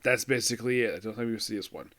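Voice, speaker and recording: A man's voice: fairly low pitch, fast, a bit bright. A man talking through an anime episode in casual commentary, rambling with lots of fillers, restarts and wry asides. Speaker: anime reviewer.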